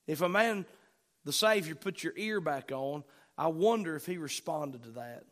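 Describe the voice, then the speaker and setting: A male pastor with a high voice delivers a fervent sermon. He swings between loud, urgent bursts and quiet, softer asides. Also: lively intonation, moderate pace.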